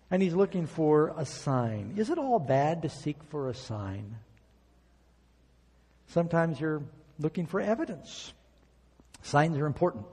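A man's voice: fairly high pitch, lively intonation, normal speed, mellow, husky, big-room sound. A man preaching a sermon, reading scripture aloud and acting out quoted prayers as he tells stories.

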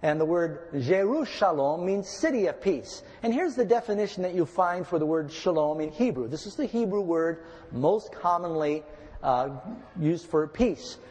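A man pastor delivering a calm, measured sermon with dramatic scripture readings. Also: high-pitched, in a large hall.

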